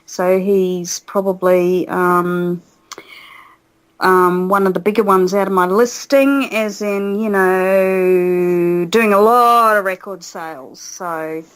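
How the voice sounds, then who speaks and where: A woman's voice: on the low side, fairly even intonation, slow pace, low-quality recording. A woman, a radio show guest, chatting in an upbeat, easygoing way. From Australia. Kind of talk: casual radio interview.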